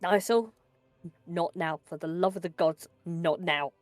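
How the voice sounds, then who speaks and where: A woman's voice: fairly low pitch, a little slow, dry recording, faint music behind, close to an everyday voice. A woman voicing her tabletop adventurer, who urgently pleads with an ally to hold back. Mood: urgent pleading. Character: tense adventurer restraining an ally.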